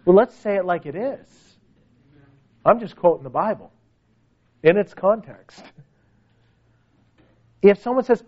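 A man's voice: expressive, takes it slowly, pauses often, highs cut off. A man preaching a sermon with emphasis, asking the listeners question after question. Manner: emphatic, rhetorical questions, pitch swings widely.

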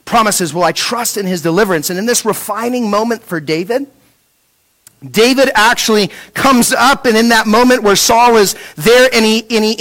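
A pastor preaches a sermon in a voice that sits high. He asks rhetorical questions, repeats words as he restarts, and drops from a raised voice to a hush.

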